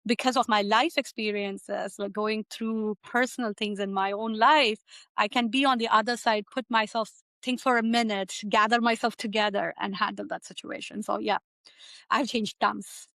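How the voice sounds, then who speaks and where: A woman's voice: medium pitch, fairly even intonation, normal speed, a bit bright, dry recording. A middle-aged woman from India, a physician, answering interview questions in a conversational way, often tagging "right?" onto her sentences. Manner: conversational, frequent "like" and "right?" tags.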